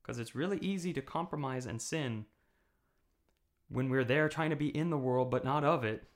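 A man's voice: medium pitch, moderate pace. A man preaching a video sermon in a conversational way, often checking in with "okay?" and building to impassioned emphasis. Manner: frequent checking "okay?" with listeners. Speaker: pastor. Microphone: camera mic.

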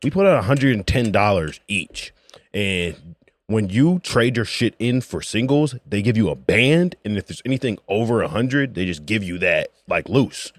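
A man's voice: fairly low pitch, dry recording. A man co-hosting a podcast, telling a story in a wry, matter-of-fact casual chat. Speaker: podcast co-host.

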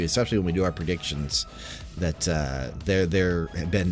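A young man with a fairly low voice hosts a casual gaming podcast and chats in a loose, rambling way. He often restarts his sentences, and faint music plays behind him. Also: animated, a little fast. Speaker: podcast host.

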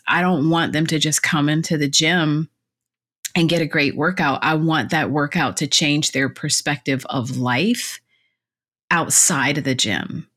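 A woman who works as a clarity coach and fitness instructor is a guest on a podcast, chatting casually in a low-pitched voice. She's an animated storyteller, laughing often and acting out quotes as she tells her stories.

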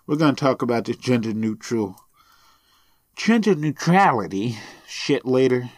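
A man's voice: medium pitch, very animated, a little slow, darkish tone, no room sound, clean studio sound. A man hosting a solo podcast, ranting sarcastically and swearing as he rambles. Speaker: podcast host.

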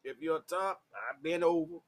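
A man's voice: on the high side, lively intonation, moderate pace. A man telling a raw, profane story to camera, laughing often and acting things out. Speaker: vlogger.

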